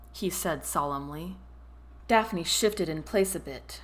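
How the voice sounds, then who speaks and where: A woman's voice: fairly low pitch, slow. Woman reading a story aloud. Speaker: audiobook narrator. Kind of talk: storybook narration.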